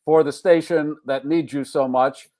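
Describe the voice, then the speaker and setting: A man's voice: a little high, steady tone, normal speed, mellow. A man hosting a casual talk show, chatting and prompting his guest with stories. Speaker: host. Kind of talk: casual chat.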